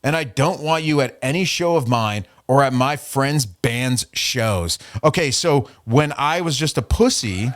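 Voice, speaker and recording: A man's voice: mid-range voice, expressive, a little slow, few pauses. Guy on a podcast going off, swearing a lot, mocking this dude, normal mid voice. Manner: profane, mocking, reading out messages. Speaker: podcast host. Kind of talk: casual podcast rant.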